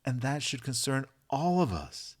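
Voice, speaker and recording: Animated man giving political commentary. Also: medium pitch, a little slow. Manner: emphatic, rhetorical, punchy lists.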